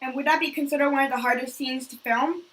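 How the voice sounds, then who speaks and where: A woman's voice: high-pitched, steady tone, fast talker, a bit bright. A woman interviewer asking brief, polite questions. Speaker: interviewer host.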